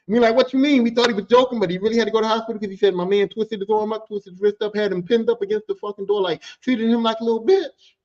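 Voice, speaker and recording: A man's voice: sits high, rapid-fire, hardly any pauses. A man telling a workplace story in casual, profane talk, acting out the voices of the people in it. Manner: profane, animated, acts out quoted people. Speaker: podcast host telling a story. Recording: dull lo-fi sound.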